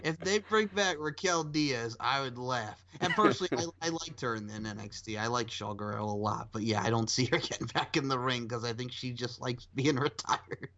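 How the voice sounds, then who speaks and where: A man hosting a casual podcast, animated and rambling, swearing and laughing often. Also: medium pitch, a little fast, few pauses. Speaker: podcast host. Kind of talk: casual chat. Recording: dull lo-fi sound.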